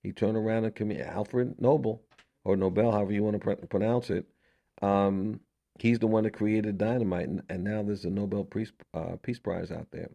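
Speaking at normal speed with a fairly low, warm voice, vocal fry, and fairly even intonation, a man hosts a radio show on history. The audio is dull. He talks emphatically and conversationally, asking rhetorical questions, repeating himself, and often restarting.

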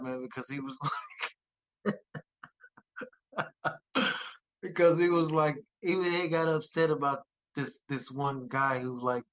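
A man's voice: mid-range voice, fairly bright tone, dull audio. A man from West Virginia, a musician guest, telling stories animatedly in casual conversation and laughing often.

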